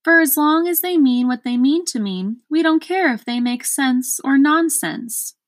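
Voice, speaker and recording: A woman's voice: high-pitched, animated, unhurried, dry recording, studio quality, pitched above the performer's own voice. A woman voicing an irritable, clumsy male earl who blusters.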